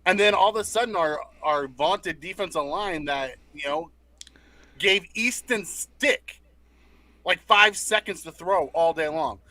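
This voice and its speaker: A man's voice: high-pitched, a little slow, sharp tone, no room sound. A man co-hosting a casual sports talk show, blunt and critical, with some swearing. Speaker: co-host.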